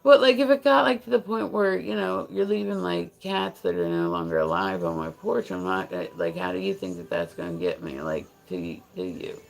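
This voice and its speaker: A woman's voice: very deep voice, lively intonation, normal speed, vocal fry, hardly any pauses, rough recording. An American woman hosting a livestream, chatting casually and rambling with many restarts and fillers. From United States. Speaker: livestream host. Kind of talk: casual chat.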